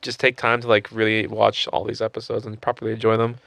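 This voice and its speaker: A man's voice: fairly low pitch, completely flat delivery, quick pace, vocal fry, fairly bright tone, no echo. A young man co-hosting a podcast, rambling casually, searching for words and laughing often. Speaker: podcast co-host. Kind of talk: casual chat.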